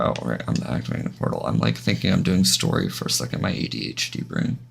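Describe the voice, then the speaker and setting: A man's voice: rumbling low, expressive, quick pace, vocal fry, slightly rough. A man streaming a game live, rambling casually to his viewers and often restarting his sentences. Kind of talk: casual live-stream chat while gaming.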